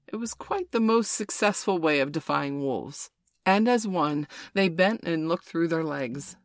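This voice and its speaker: A woman narrating a children's storybook in a measured, expressive read-aloud. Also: lowish voice, dry recording, clean studio sound. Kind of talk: storybook reading.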